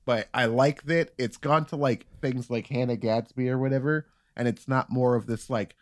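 A man co-hosting a loose comedy podcast. He rambles through his points with halting restarts and casual swearing. His voice is recorded dry and close, with little room sound. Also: medium pitch, steady tone, no room sound. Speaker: podcast co-host.

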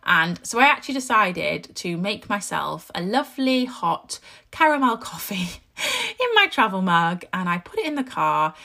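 Mum in her thirties, podcast host; bright, lively voice; chatty and candid, laughs easily. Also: medium pitch, moderate pace. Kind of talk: casual podcast monologue.

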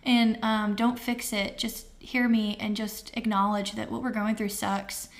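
A woman's voice: mid-range voice, flat delivery, measured pace. A woman in her thirties telling a personal story as an interview guest, candid and heartfelt, with many fillers. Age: 30s.

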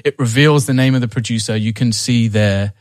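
A young man tells a long story in a relaxed conversation. He restarts his sentences and fills gaps with "like" and "um." His voice sits at a middle pitch and is recorded dry and close. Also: a little fast, dry recording. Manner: rambling, many restarts and fillers. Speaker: podcast guest.

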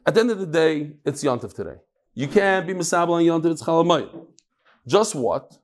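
A man giving a casual Talmud lesson, explaining the text and telling jokes with animated storytelling. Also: fairly quick. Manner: animated storytelling, lively shifts in pitch. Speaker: Talmud teacher.

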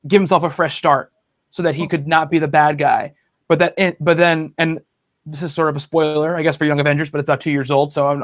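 A man with a slightly high voice hosts a relaxed comics chat. He rambles, restarting sentences and piling on fillers as he goes. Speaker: podcast host. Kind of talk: casual chat about comics.

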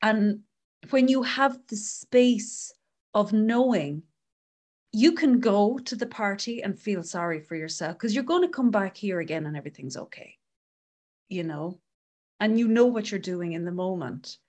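Female host, reflective and expressive, mid-pitched and conversational. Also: measured pace.

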